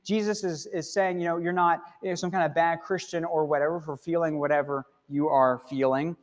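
Pastor, male, slightly raised pitch, chatty sermon delivery with check-in tags, long church reverb. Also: fairly even intonation, fairly quick. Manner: conversational preaching with frequent "okay?" and "right?" tags. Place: church sanctuary.

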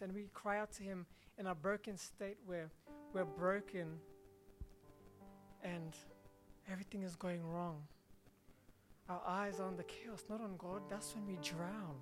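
A woman preaching a sermon, reading a scripture passage and then explaining it earnestly, with some restarts. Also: mid-range voice.

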